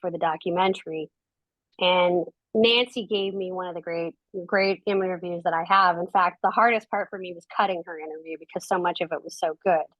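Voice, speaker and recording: A woman's voice: on the low side, steady tone, a little fast, no echo, muffled recording. A woman guest on a podcast, a documentary filmmaker, telling reflective anecdotes in casual conversation. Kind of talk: casual interview chat.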